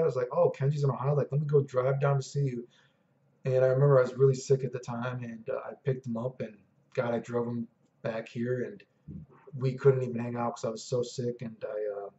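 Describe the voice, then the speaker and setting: A man's voice: medium pitch, warm tone, reverberant, highs cut off. A man in his thirties casually rambling through personal stories, swearing a lot and often saying "dude" and "you know what I mean". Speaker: vlogger.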